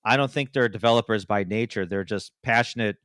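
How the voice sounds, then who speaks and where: A man's voice: lowish voice, a little fast, fairly bright tone, no echo, studio quality. A man co-hosting a gaming podcast in casual chat, rambling with many fillers and restarts. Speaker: podcast co-host.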